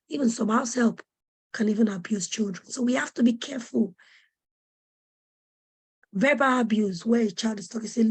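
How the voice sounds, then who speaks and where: A woman's voice: fairly high pitch, animated, normal speed, husky. A woman presenting a parenting webinar, speaking with urgent, preacherly emphasis and repeating questions to press her point. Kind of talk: earnest teaching talk to parents.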